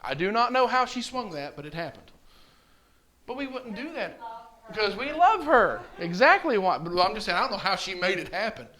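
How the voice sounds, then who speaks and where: A man's voice: high-pitched, big pitch swings, normal speed, bright, forceful tone. A man teaching a children's communion class, coaxing answers with repeated questions. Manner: coaxing, asks questions over and over. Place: church classroom.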